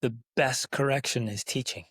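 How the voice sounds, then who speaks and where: A man's voice: medium pitch, fairly even intonation, moderate pace, a bit bright, husky, no echo, clean studio sound. A middle-aged man hosting a podcast, talking casually and animatedly, acting out both sides of exchanges with kids. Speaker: podcast host. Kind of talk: casual parenting discussion.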